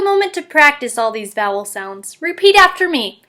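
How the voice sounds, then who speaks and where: A woman's voice: high-pitched, very animated, normal speed, hardly any pauses, fairly bright tone. A woman hosting a scripted, tongue-in-cheek tutorial in a playful, upbeat way. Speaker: tutorial host.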